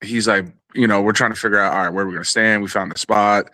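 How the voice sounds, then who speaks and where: A man telling a long, animated and profane story in a casual podcast chat. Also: fairly low pitch, fast, no room sound. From New York area.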